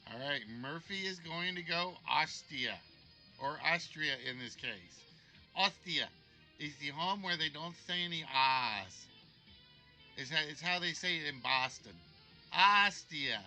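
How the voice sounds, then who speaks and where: A man's voice: a little high, normal speed, pushed and bright, faint music behind. A man hosting a live-streamed trivia game show, joking and teasing the contestant.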